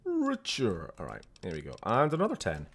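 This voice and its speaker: Jokey Scottish streamer, lively voice. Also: male voice, sits low, quick pace, creaky, breathy edge. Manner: jokey, swearing, chatty. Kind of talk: casual game-stream chat.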